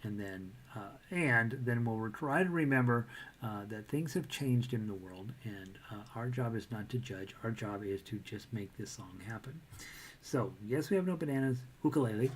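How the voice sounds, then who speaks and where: A man's voice: fairly low pitch, normal speed, a little hiss or hum. A man teaching a casual ukulele lesson, chatty and self-deprecating, breaking into bits of sung melody. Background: ukulele playing.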